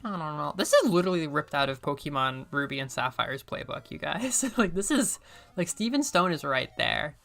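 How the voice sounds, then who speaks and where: A woman streamer chatting casually and excitably while she plays a video game, often joking at her own expense. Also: low voice, normal speed, vocal fry. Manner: chatty, excitable, self-deprecating. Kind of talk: casual gameplay commentary.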